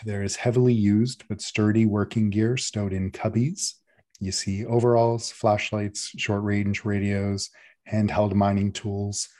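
A man's voice: on the low side, mellow. A man narrating a tabletop game as game master, describing scenes at length with frequent fillers.

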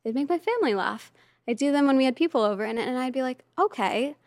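A lively woman talking through her past on a podcast, dropping into little quoted voices as she goes. Her voice sits fairly high. The sound is close and completely dry. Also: fast, no room sound. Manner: animated, lively storyteller who slips into quoted voices. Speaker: podcast guest. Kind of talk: casual storytelling in conversation.

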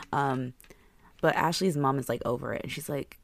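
A woman's voice: very deep voice, normal speed, vocal fry. A woman co-hosting a podcast in casual chat, recapping a TV show, chatty with lots of fillers. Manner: chatty, filler-heavy, laughs at herself. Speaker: podcast co-host.

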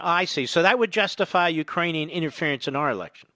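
A man's voice: on the high side, expressive, fast talker, sharp tone, dry recording. An older man hosting a political talk radio show, delivering a combative, sarcastic monologue that swells to emphatic peaks. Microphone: studio microphone.

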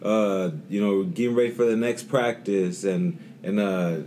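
A man's voice: fairly low pitch, measured pace, a little mellow, slight background noise. A man co-hosting a podcast, talking in a rambling way with many fillers and restarts. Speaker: podcast co-host. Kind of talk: casual podcast chat.

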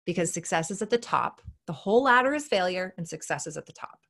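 A woman gymnastics coach chatting on a podcast through an earbud mic, acting out quotes with big jumps in pitch. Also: lively intonation, fast talker, a bit bright. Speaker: gymnastics mindset coach, guest. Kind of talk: casual podcast chat.

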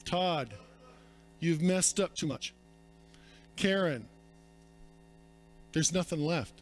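A man voicing a cold, belittling male devil who whispers accusations in slow, repeated jabs. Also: soft background music. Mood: taunting. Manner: slow, low, repetitive jabs of "you".

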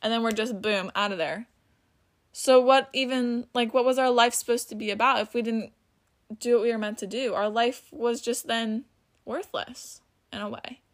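A woman's voice: fairly high pitch, fairly even intonation, normal speed. A woman hosting a casual Bible teaching podcast, chatty and loose, often saying "like", sometimes stuttering and losing her place. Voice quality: stutters at times. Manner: loses her place and restarts. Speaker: podcast host.

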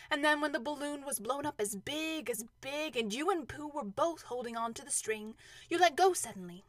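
High-voiced woman reading a storybook. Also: a bit bright, dry recording.

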